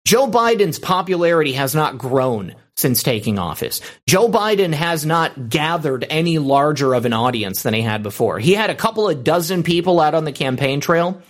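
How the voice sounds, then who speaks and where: A man hosts a political commentary show, speaking emphatically and driving each point home with a clipped "okay." His voice sits a bit higher than most men's. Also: lively intonation, normal speed, few pauses. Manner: emphatic, repeats "okay" and "all right".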